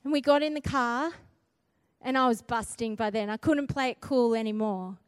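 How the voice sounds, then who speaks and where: High-voiced woman preaching a storytelling sermon. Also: moderate pace, clean tone, no echo. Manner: animated, emphatic, repeats phrases.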